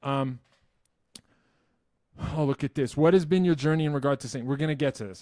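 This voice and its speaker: A young man from New Jersey answering fan questions in a loose, profane, self-mocking ramble full of restarts. His voice sits at an ordinary middle pitch. The sound is dry and close, with no room echo. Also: a little fast, long pauses, darkish tone. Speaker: musician YouTube host. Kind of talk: casual Q&A chat.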